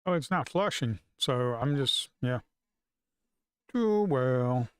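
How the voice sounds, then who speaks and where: A man's voice: mid-range voice, expressive, takes it slowly, smooth, no echo, clean studio sound. A man live-streaming his futures trading, talking to himself in a casual, frustrated way and swearing under his breath.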